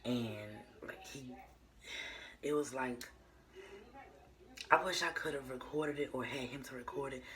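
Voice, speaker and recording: A woman's voice: a bass voice, measured pace, long pauses, crowd noise, rough recording. A young woman telling her viewers a personal story in a casual, meandering way, full of fillers and restarts. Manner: addresses viewers as y'all.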